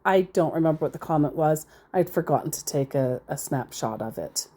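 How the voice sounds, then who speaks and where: A woman's voice: low voice, animated, a little fast, warm tone. A woman giving casual, sarcastic commentary as she reads out messages from scammers, rambling into asides. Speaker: scambaiter reading scam chats.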